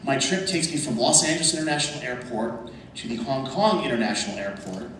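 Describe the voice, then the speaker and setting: A man speaking at a convention panel, telling a story over slides in an animated way and calling the audience "folks". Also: mid-range voice, brisk. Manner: animated, addresses the crowd as folks. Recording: echoey hall from far off, noisy.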